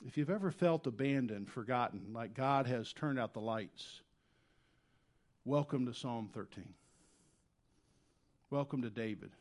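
A man preaching a sermon as pastor, earnest and conversational, dropping quiet and then rising loud when he voices desperate prayers. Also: mid-range voice, animated, a little slow, long pauses. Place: church.

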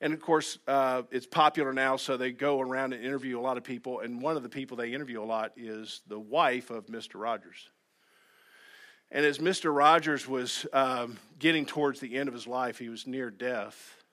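A man preaching a sermon as pastor. He talks earnestly, dropping to soft asides and then rising to loud, emphatic exhortation. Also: medium pitch, fairly even intonation, moderate pace. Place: church sanctuary.

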